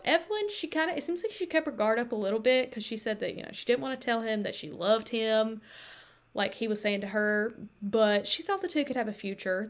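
Chatty woman with a lively, higher voice. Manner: chatty, animated, many fillers and likes. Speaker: podcast host. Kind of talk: casual storytelling chat.

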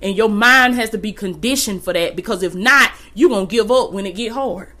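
A woman's voice: medium pitch, brisk, sharp tone. A woman giving a faith-based motivational talk, exhorting listeners in a casual, colloquial way and repeating phrases for emphasis. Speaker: motivational speaker.

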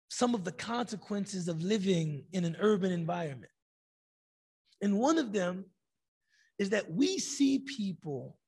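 A man teaching a religious class, telling a story in a lively way and acting out the people in it. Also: high-pitched, creaky, breathy edge. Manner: animated storytelling, acting out quoted voices.

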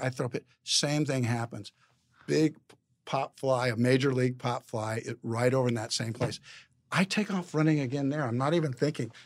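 A man's voice: medium pitch, gravelly, no echo, studio quality. A man talking as a podcast guest, telling a long anecdote in a rambling, stop-start way with lots of repeated words. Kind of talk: casual anecdotal storytelling.

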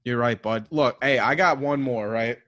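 A man's voice: medium pitch, normal speed, a bit bright, no echo, muffled recording. Profane rambling Southern-accented man. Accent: American Southern. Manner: rambling, profane, filler-heavy storytelling with frequent laughs. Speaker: podcast host. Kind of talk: casual podcast chat.

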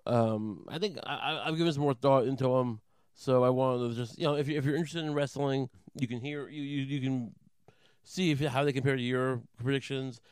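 A man doing a rambling comic monologue, deadpan and crude, halting with many fillers. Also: medium pitch, smooth, no room sound, clean studio sound. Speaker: comedian.

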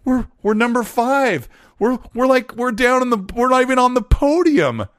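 A man's voice: animated, normal speed, a bit bright, no echo, clean studio sound. A man voicing a smiling, pleading male tech executive in a mocking impression. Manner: exaggerated, high-pitched mocking impression.

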